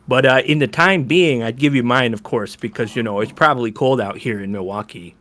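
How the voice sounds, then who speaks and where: A man playing an easygoing dating-show contestant who muses aloud in a relaxed way. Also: medium pitch, fairly quick, no echo, close to an everyday voice. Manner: relaxed, musing, lots of 'you know'. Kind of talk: comedic improvised dating game.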